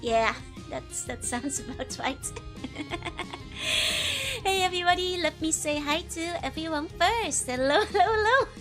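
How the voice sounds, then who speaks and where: A woman's voice: very high-pitched, expressive, unhurried, pauses often, a bit bright, soft background music. A young woman streaming a game, chatting casually and giggling as she greets viewers by name. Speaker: VTuber streamer. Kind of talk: casual live-stream chat.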